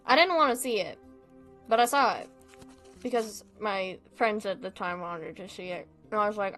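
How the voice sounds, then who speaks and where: A woman's voice: medium pitch, normal speed, a bit bright, faint music behind. A woman streamer in casual livestream chat, rambling along and laughing often.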